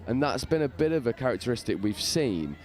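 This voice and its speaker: A male commentator calls the action from a balcony above an outdoor pitch. His voice sits at a middle pitch, and his lively play-by-play is sprinkled with casual slang. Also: a little fast. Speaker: match commentator. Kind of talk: live sports commentary. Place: on a balcony above the sideline at an outdoor sports ground.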